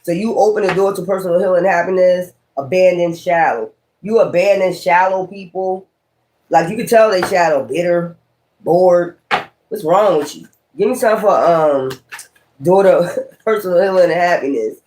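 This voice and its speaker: A man's voice: sits high, normal speed, a little mellow. A man doing a casual tarot reading, talking in a blunt, profane, rambling and preachy way. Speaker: tarot reader.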